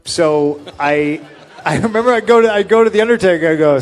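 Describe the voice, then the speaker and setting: A man casually telling a story in an interview, animated, acting out what people said with a raised voice. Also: on the high side, a little fast, soft background music. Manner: animated, acts out quotes with raised voice.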